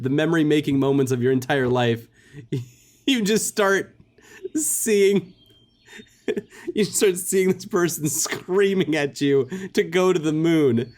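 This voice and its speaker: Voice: mid-range voice, a little mellow. A let's-play host giving casual, jokey commentary and reading game dialogue aloud, laughing and swearing freely.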